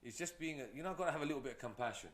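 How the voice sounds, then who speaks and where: A man's voice: fairly high pitch, very fast, a bit bright, reverberant. A man who is a guest entrepreneur, telling stories in a casual, rambling way with many fillers. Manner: rambling, storytelling, frequent fillers. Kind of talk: casual interview talk.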